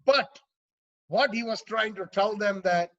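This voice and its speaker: A man's voice: high voice, measured pace, bright, forceful tone, highs cut off. A man telling a devotional story as a sermon, with an emotional delivery that turns tearful at times. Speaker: religious storyteller.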